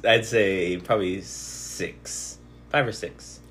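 A young man co-hosting a podcast, tossing in quick jokey quips in casual chat. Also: sits low, noisy background. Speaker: podcast co-host.

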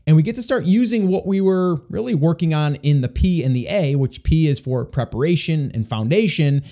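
A man hosting a podcast, talking in an upbeat, energetic casual way. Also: on the high side, moderate pace. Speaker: podcast host.

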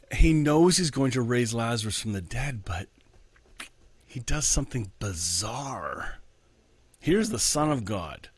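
A man who is a pastor and podcast host, talking in an earnest, reflective way in a candid monologue and slowing down to stress his points. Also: fairly low pitch, no room sound.

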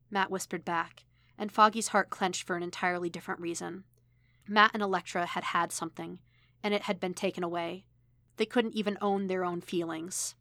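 A woman reading a fan fiction story aloud as narration, in a steady, even delivery. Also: fairly low pitch, moderate pace, no room sound. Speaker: podfic reader.

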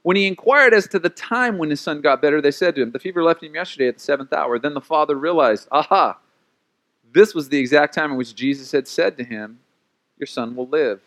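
A man preaching a sermon in a lively, conversational way, with playful acted asides. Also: on the high side, brisk. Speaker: pastor.

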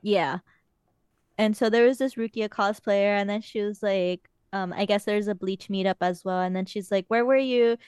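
Young woman gabbing on a podcast, smooth clear voice, dry close sound, swears now and then. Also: mid-range voice, level tone, moderate pace, darkish tone, no room sound. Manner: chatty storytelling, frequent swearing. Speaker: podcast host. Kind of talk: casual chat.

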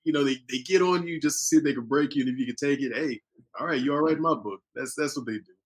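A man's voice: medium pitch, fast. A man chatting on a podcast, emphatic and slangy, repeating his points. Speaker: podcast guest. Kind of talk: casual chat.

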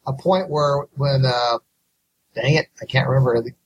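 A man's voice: mid-range voice, fairly even intonation, moderate pace, husky, poor audio. A man co-hosting a podcast, chatting casually and explaining details knowledgeably. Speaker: podcast co-host.

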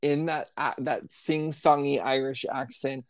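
A man's voice: mid-range voice, steady tone, unhurried, no room sound, clean studio sound. A man co-hosting a podcast in casual chat, laughing often as he tells a story. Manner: giggly, laughs often while telling a story. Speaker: podcast co-host.

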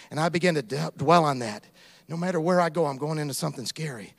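A man preaching a sermon as a pastor, animated, acting out little scenes and asides as he goes. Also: fairly high pitch, fast talker.

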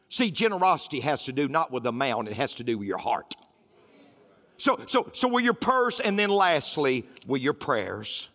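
High, lively preacher in a hall. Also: male voice, normal speed. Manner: emphatic, repetitive preaching with folksy humor. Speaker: pastor. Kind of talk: sermon. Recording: roomy hall with faint music.

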